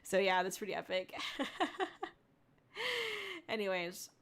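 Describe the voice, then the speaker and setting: A woman's voice: medium pitch, steady tone, measured pace, long pauses, slight background noise. A young woman streamer chatting casually with her viewers, laughing often and swearing now and then.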